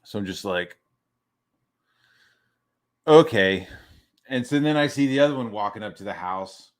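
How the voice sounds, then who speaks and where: A man's voice: fairly low pitch, animated, quick pace. A man hosting a livestream show, casually telling stories about being a father, swearing freely and restarting his sentences. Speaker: father of young daughters.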